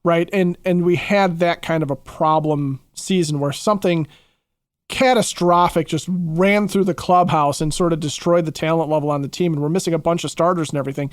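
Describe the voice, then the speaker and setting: A man's voice: on the high side, steady tone, brisk, no echo, clean studio sound. A man co-hosting a sports podcast, talking in long reflective runs with many restarts. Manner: rambling, reflective, lots of restarts. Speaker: podcast co-host. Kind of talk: casual sports podcast chat.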